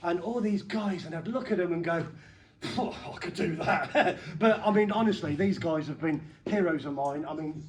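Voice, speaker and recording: A middle-aged man performing a comedy magic act, bantering playfully with the crowd and breaking into sudden loud bursts. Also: a little high, normal speed, slight background noise.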